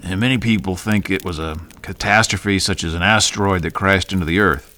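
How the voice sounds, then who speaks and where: A man playing a scholarly professor in a radio drama, measured and slightly stammering. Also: low-pitched, bright, forceful tone. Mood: earnest. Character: scholarly male professor building a robot dinosaur.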